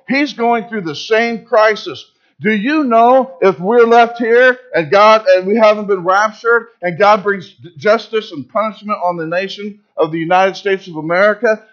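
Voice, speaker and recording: A pastor giving a sermon in church, preaching with emphasis and asking the congregation rhetorical questions. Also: male voice, high voice, fairly bright tone, muffled recording.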